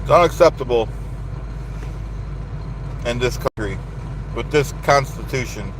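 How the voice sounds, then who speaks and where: A man's voice: mid-range voice, unhurried, long pauses, a little hiss or hum, rough recording. A man ranting on a live stream, boastful and indignant, repeating himself over and over.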